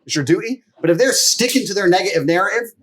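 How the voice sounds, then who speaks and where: A brash, profane man tells stories as a podcast guest in a rapid, fairly high voice. He boasts freely and laughs between sentences. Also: lively intonation, a bit bright, slightly rough. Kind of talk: casual storytelling chat.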